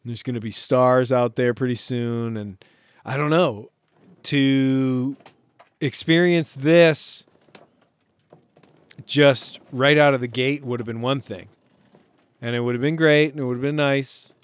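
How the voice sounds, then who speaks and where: Man, solo sailor, slow relaxed pace, smooth clear voice, dry close sound, rambling self-mocking talk. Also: mid-range voice, no echo. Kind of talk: casual talk. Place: on a sailboat offshore.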